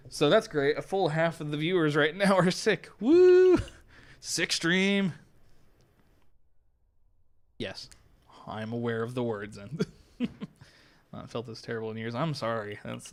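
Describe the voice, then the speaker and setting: A man's voice: medium pitch, creaky. A man streaming a game live, chatting casually with viewers, laughing at himself and swearing now and then. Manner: self-mocking, laughs often, swears casually.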